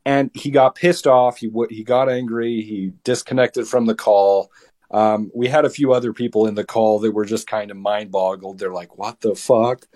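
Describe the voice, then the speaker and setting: A young man in his late teens, a podcast guest, tells a story casually in a heated, animated way, restarting his words often. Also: on the low side, moderate pace.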